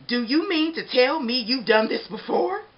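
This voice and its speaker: A woman's voice: sits high, animated, normal speed, pitched above the performer's own voice. A woman reading a picture book aloud, voicing a prim, fussy little male doughnut with polite, prissy manners that tip into alarm. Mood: indignant. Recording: dull lo-fi recording.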